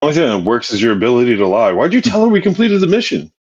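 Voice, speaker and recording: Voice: medium pitch, very animated, racing, darkish tone, a little hiss or hum. A player in a tabletop game, blunt and sarcastic with some swearing. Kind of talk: tabletop role-play chat. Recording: dull lo-fi mic.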